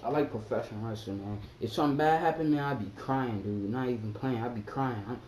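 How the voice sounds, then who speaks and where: A young man chatting casually about wrestling on his vlog, excitable and acting out his reactions with sudden high yelps. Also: fast talker. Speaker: vlogger. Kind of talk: casual wrestling chat to camera. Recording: echoey room with faint background hum.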